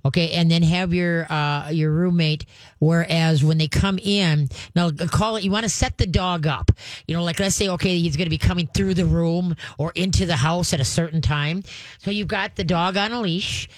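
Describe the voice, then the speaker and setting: Chatty and jokey, an older host on studio radio coaches callers on dog training, repeatedly asking "okay?". The dry recording captures a medium-pitched voice with fairly even intonation at normal speed.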